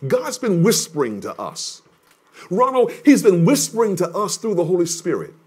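A male pastor preaching a sermon, emphatic and repetitive, dropping from loud declarations to hushed words. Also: high-pitched, very animated, moderate pace, breathy edge. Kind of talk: livestreamed sermon teaching.

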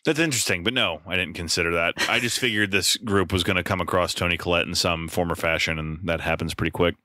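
A man's voice: low-pitched, steady tone, quick pace, sharp tone, no room sound, clean studio sound. A man co-hosting a casual film podcast, chatting and reading out a plot summary. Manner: conversational, reads plot summary aloud. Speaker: podcast co-host.

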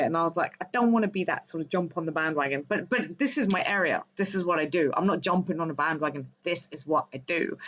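A woman's voice: lowish voice, fairly bright tone. A woman hosting a wellbeing livestream, talking to her viewers in a casual, passionate, emphatic monologue. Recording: slightly dull lo-fi audio.

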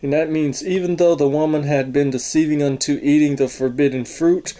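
A man talking casually and haltingly as he reviews a coin, stopping to correct himself. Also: on the high side, fairly even intonation, dark tone. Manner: slow, halting, unsure talk with fillers and self-corrections.

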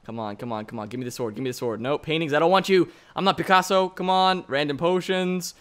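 A young man hosting a modded game let's-play, excitable, yelping and laughing when startled. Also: on the high side, quick pace, clean tone. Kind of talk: excitable gameplay commentary.

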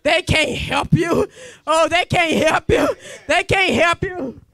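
A woman evangelist preaching a fervent sermon, often shouting and exclaiming hallelujah. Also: very high voice, slow, creaky.

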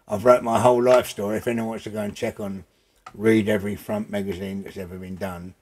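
Older man, low voice, gravelly, husky, blunt, casual interview. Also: level tone, fairly quick, a little mellow, a little hiss or hum. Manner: blunt, emphatic, swears freely. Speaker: interview guest. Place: his home.

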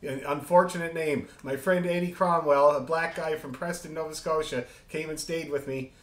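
With a fairly high pitch, fairly even intonation, and a moderate pace, a man leads an online music rehearsal as orchestra leader. He chats casually and tells rambling, joking stories in a friendly manner. The room sounds echoey.

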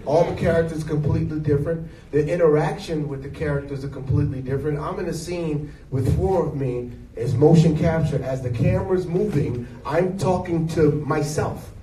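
A man in his forties, an actor being interviewed, telling stories in an animated, jokey way. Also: on the high side, moderate pace, few pauses. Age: 40s. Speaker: actor guest. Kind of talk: casual interview. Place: event hall with an audience. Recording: echoey hall, distant mic, noise.

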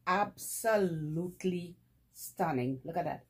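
Low, slow-talking woman gushing over mail. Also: slight background noise. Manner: effusive, repeats praise words, laughs often. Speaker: vlogger opening fan mail. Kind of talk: casual unboxing chat.

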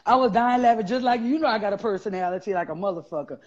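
A man, telling stories loudly and profanely in a casual chat. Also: high voice, quick pace. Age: 40s. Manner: loud, profane, animated storytelling. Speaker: guest. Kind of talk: casual live-stream chat. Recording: dull lo-fi sound.

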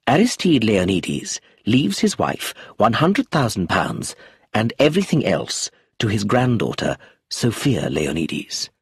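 A man voicing an older family lawyer who is fussy and hurt, speaking slowly and formally. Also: on the low side, huge pitch swings, husky, dry recording, full character voice. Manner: slow, measured.

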